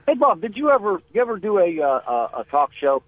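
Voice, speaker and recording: A man's voice: sits high, very animated, husky, no echo. Guy calling into a radio show, stumbles a lot, muffled lo-fi phone sound. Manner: halting, filler-heavy. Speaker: radio caller. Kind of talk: casual phone-in chat.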